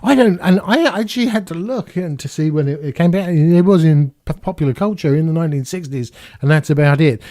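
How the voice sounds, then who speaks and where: A man's voice: fairly high pitch, fairly quick, mellow, no room sound. Chatty man in his fifties, dry sound. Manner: chatty, rambling, self-mocking jokes. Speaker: YouTube channel host. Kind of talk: casual Q&A vlog. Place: small home studio in France.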